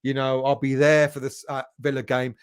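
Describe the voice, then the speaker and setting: A man's voice: mid-range voice, little pitch movement, moderate pace, clean tone. A man hosting a football fan live stream, casually chatting, reading viewer comments aloud and greeting them by name with a chuckle. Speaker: football fan channel host.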